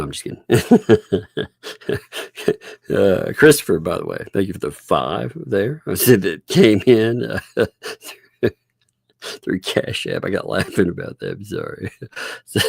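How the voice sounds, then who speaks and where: A man's voice: sits low, vocal fry, no room sound, studio quality. A man hosting a live stream, chatting casually with lots of fillers and frequent laughter. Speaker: livestream host.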